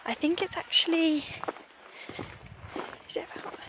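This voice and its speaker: Hushed woman vlogging on a windy hike. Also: very high voice, steady tone, unhurried. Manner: hushed, often half-whispering, chatty and rambling. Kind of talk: casual vlog narration to camera. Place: outdoors on a mountain trail. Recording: windy outdoor noise. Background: wind.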